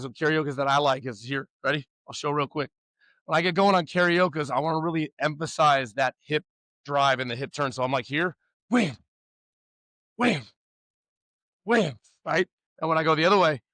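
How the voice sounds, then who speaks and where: Upbeat male pitching coach, slightly high voice, teasing, shouting cues, dry room. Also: no room sound. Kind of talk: coaching a youth warm-up.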